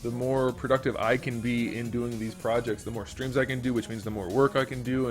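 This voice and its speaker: A man of average pitch hosting a loose tutorial stream. He rambles and thinks out loud as he works through each step. Faint music sits quietly behind his voice. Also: steady tone, a little fast. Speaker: YouTube host and 3D modeler. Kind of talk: casual live-streamed modeling tutorial.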